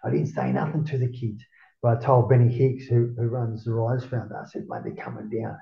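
An Australian man, a former surfer being interviewed, telling stories casually, swearing a lot and jumping up in pitch to act out what people said. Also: a little fast, reverberant, lo-fi sound. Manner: animated, swears constantly, acts out quotes in a raised voice. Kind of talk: casual storytelling.

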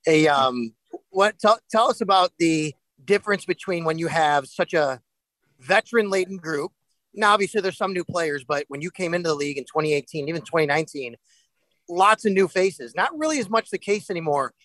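Higher-voiced male sports reporter. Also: animated, brisk, a bit bright, no echo, rough recording. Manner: long wandering questions. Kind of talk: press conference questions.

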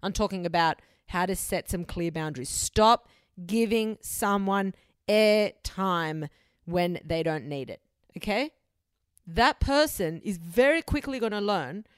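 A woman's voice: mid-range voice, clear, resonant tone, no room sound. Blunt woman, dry close sound. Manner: blunt, frank, casually swearing. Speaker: podcast host. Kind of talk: solo advice podcast monologue.

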